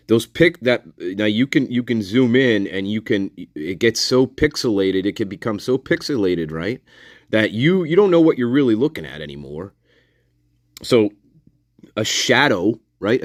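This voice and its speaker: A man's voice: fairly low pitch, dry recording, studio quality. A man hosting a casual live discussion, rambling, repeating himself and swearing freely. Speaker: livestream host.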